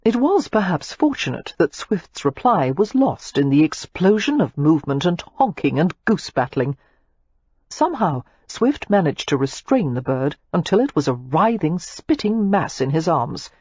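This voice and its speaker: Husky, expressive woman narrator. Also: low voice, dry recording, muffled recording. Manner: expressive, measured storytelling. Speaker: audiobook narrator. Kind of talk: scripted romance narration.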